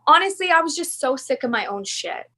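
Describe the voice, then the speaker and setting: A woman in her thirties speaks candidly on a podcast, her fairly high voice earnest and confessional. She leans on "like" and "you know" as she tells her story. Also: big pitch swings, brisk, bright, forceful tone. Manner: earnest, confessional, many "like" fillers. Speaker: guest. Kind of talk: candid personal interview.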